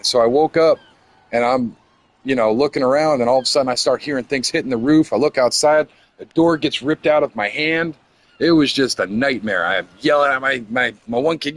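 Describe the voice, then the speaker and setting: A man's voice: medium pitch, fairly quick, fairly bright tone. Rambling middle-aged man telling a story. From Florida. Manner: rambling, repeats words when stumbling. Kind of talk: casual storytelling.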